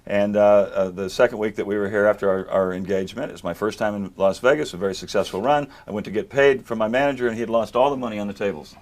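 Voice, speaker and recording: An older man spins comic stories at a brisk clip, in a chat-show interview. He slips into voices for the people he quotes and keeps the anecdotes rolling. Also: lowish voice. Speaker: magician guest. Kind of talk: storytelling interview.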